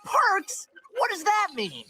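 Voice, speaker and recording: A sarcastic teenage warrior from an animated series, with a lively, swooping delivery full of sardonic quips. He talks slowly and deliberately over loud music. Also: very high-pitched, exaggerated voice. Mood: indignant. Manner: sardonic and expressive, breaking into yells.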